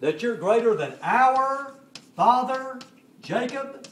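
A male preacher voicing an indignant, sharp-tongued Samaritan woman at a well, in a scornful, challenging manner, as a sermon retelling. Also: very high-pitched, animated, slow pace, voice pushed up, exaggerated voice.

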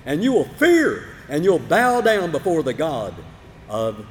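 A man's voice: a little high, wildly swooping pitch, a little slow, a little hiss or hum. Preacher acting as Darius, the commanding king. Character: commanding ancient male king, old and imperious. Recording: long hall reverb.

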